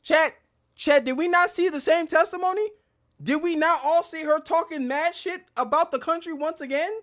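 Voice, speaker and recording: Guy streaming a game, loud and cussing, animated trash talk. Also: extremely high pitch, normal speed. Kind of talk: casual gaming commentary.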